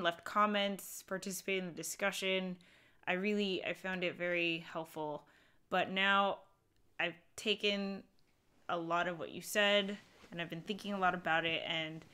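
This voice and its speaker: A woman's voice: fairly low pitch, bright, forceful tone. A young woman hosting a live stream, talking casually and rambling with fillers and restarts. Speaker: vlogger and live-stream host.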